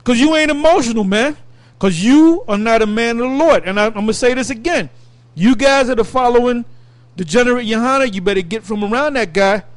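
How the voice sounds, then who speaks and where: A man leading a Bible study, preaching in an animated, emphatic way and laughing between points. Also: very high-pitched, fairly quick, no room sound. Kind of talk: fiery preaching commentary.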